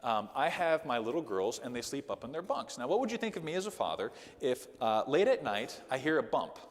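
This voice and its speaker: A man's voice: medium pitch, brisk, long reverb tail. A man teaching a Sunday school lesson in a conversational sermon style, often checking in with "okay?". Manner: animated, conversational, with frequent "okay?" asides. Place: church hall.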